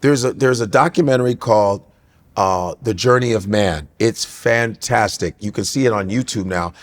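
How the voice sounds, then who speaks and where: A man co-hosting a comedy podcast, talking casually and breaking into quick impressions of other people. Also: lowish voice, in a large hall. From United States.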